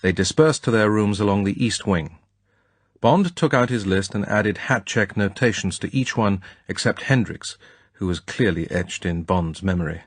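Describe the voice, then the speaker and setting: A man narrating an audiobook in a measured, crisp storytelling manner. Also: fairly low pitch, fairly bright tone, no echo. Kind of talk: scripted narration.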